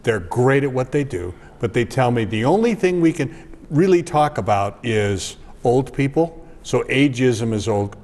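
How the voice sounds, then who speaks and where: A man's voice: medium pitch, animated, a little slow, darkish tone, in a large hall. A man hosting a talk show, agreeing readily and laughing along with his guest. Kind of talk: casual interview chat.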